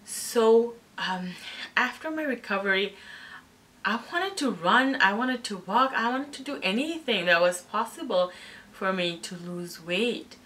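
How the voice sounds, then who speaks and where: Candid woman vlogger, bright and a bit distant. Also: mid-range voice, animated. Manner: emotional, candid, halting. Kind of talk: personal storytime vlog.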